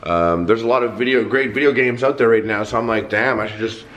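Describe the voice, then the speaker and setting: A man's voice: mid-range voice, fast, fairly bright tone, reverberant, slight background noise. A man vlogging in a loose, joking way, swearing casually as he chats to the camera. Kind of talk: casual vlog chat.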